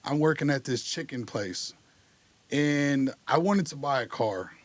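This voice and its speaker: A man's voice: mid-range voice, a little slow, no echo. Man, podcast guest, candid storytelling, casual, dry sound. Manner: candid, lively retelling with acted dialogue. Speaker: podcast guest sharing his recovery story.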